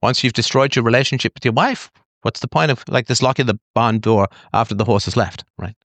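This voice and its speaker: A man's voice: mid-range voice, brisk, a bit bright, no echo. A middle-aged man hosting a podcast, speaking bluntly and emphatically, sometimes mimicking whiny people. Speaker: podcast host. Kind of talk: monologue to listeners.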